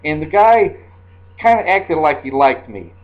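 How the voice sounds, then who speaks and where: A man's voice: fairly high pitch, very animated, measured pace. A man in his sixties telling a personal story in a casual, rambling way, often repeating himself. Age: 60s. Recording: dull lo-fi recording.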